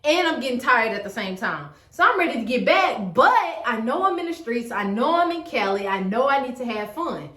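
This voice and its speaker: Animated slangy woman telling a story. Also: a little high, a little fast, hardly any pauses, echoey room. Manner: animated, slangy, acts out quotes. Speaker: storyteller vlogger. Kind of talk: casual storytime chat.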